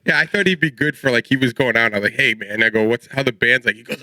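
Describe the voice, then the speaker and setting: A man's voice: medium pitch, fast, few pauses, bright, forceful tone, no echo, rough recording. A man in his forties co-hosting a podcast, telling rambling stories in casual chat and laughing as he talks. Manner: rambling storyteller, laughs mid-sentence. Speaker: podcast co-host.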